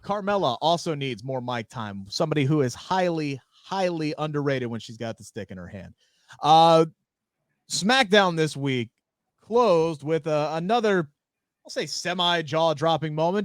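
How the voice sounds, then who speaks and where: A man co-hosting a casual wrestling podcast, opinionated and animated, swearing freely into a close mic. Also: fairly high pitch, moderate pace, no echo. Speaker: podcast co-host.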